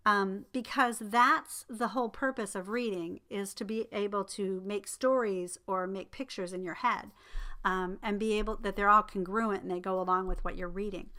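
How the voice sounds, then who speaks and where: A middle-aged woman lecturing casually, filling her talk with ums and personal stories. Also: mid-range voice. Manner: relaxed, filler-heavy explanation with personal anecdotes. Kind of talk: recorded lecture.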